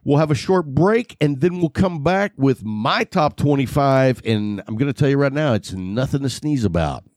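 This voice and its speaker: A male podcast host trades jokes in a casual chat, his pitch swinging up and down. He sometimes rushes through lines. The sound is dry and close. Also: no room sound. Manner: joking, animated, bursts of fast talk.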